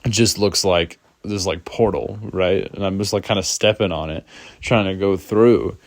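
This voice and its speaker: A man with a deep voice tells a personal story in a loose, rambling way, leaning on fillers as he goes. The recording is dry and close, with no room sound. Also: moderate pace, dry recording. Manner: rambling, full of "like" fillers, laughs often. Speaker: storyteller vlogger. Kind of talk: casual storytime.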